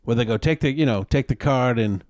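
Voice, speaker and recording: A man's voice: mid-range voice, fairly quick, darkish tone. Laid-back, profane male podcast co-host. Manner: laid-back, profane, acts out movie scenes. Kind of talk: casual chat.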